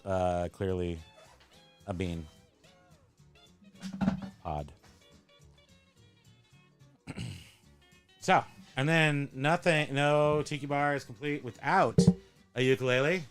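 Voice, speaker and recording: A man's voice: medium pitch, slow pace, pauses often, a bit bright, faint music behind. Rambling, jokey man hosting casual chat. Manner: rambling, jokey, self-correcting. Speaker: host. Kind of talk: casual show-and-tell chat.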